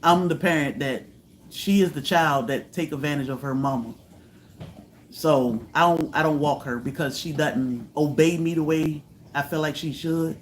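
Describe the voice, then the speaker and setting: A woman, hosting a casual livestream and telling stories in a lively way, jumping up high and loud when she acts out what people said. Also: moderate pace, slight background noise. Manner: animated, acts out quotes with high loud bursts. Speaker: homestead channel host.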